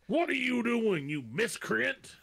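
A man's voice: extremely high pitch, sing-song, slow, creaky, a bit bright, husky, voice pushed up, exaggerated voice. Man doing a pompous Southern dragonkin knight. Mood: indignant. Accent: Southern US, put on. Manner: haughty, scolding.

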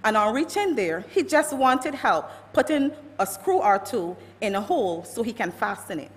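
Eulogy reader: Barbadian woman, fairly high voice, long church reverb. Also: big pitch swings, normal speed. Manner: reads from notes, warm storytelling with quoted anecdotes. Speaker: family member giving a eulogy. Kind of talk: reading a eulogy at a funeral service.

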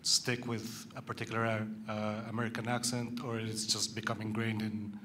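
A man asking an interview question in a measured, slightly hesitant way. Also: fairly low pitch, little pitch movement, pushed and bright, slight background noise.

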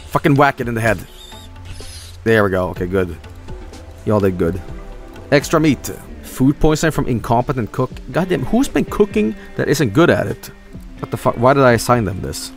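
A young man streaming a video game, swearing and reacting loudly to what happens on screen. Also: medium pitch, normal speed, soft background music. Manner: excitable, swears a lot, yells at the game. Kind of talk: live game commentary.

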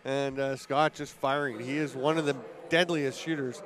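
A man doing color commentary, calmly breaking down plays and players. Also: medium pitch, normal speed, heavy background noise. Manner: relaxed analytical color commentary. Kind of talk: sports commentary.

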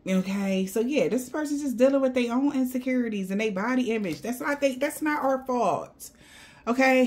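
A woman giving a casual tarot reading to viewers. She talks in loose slang, swears often and laughs between her asides. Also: mid-range voice. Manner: blunt and profane, loose slangy chatter. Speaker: tarot card reader.

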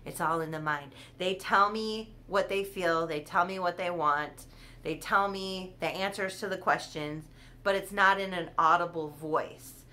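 A woman's voice: on the low side, measured pace, sharp tone, slight background noise. A woman chatting casually on her own vlog, rambling and giggling as she goes. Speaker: doll collector hosting her channel.

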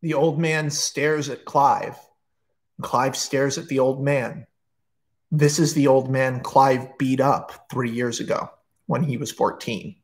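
A man pitching a movie plot casually on a livestream, excitable and profane, racing through in bursts with restarts. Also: slow pace.

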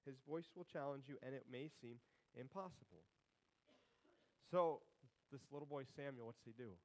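A man's voice: mid-range voice, moderate pace, poor audio. A male pastor preaching a sermon in a conversational, humorous way, with sarcastic asides.

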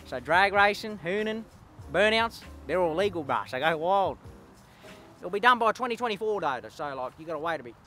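Man doing a brash Aussie eshay lad, cocky slang, high-pitched, sharp bright tone, faint music under. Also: expressive, normal speed. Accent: Australian. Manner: cocky slangy swagger, ends lines with bruh and lad. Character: brash young male eshay street lad as prime minister. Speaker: comedy sketch creator. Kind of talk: comedy sketch character.

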